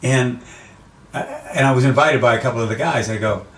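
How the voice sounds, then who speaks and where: An older American man, a race announcer, telling animated stories in a casual interview. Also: medium pitch, brisk, far from the mic. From USA. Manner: animated anecdotes, acts out quoted voices. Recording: roomy, off-mic, faint background noise.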